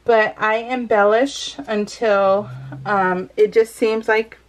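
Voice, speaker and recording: A woman's voice: medium pitch, steady tone, slow pace. A young woman from California talks casually through a crafting vlog. She rambles, giggles often, and lets her phrases drift into a sing-song lilt. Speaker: vlogger. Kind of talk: casual chat while crafting.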